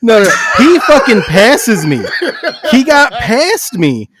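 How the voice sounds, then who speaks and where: A man co-hosting a podcast in a casual chat, expressive and quick to slip into other voices when he quotes people. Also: very high-pitched, a crowd in the background. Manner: expressive, swings between voices when quoting. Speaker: podcast co-host.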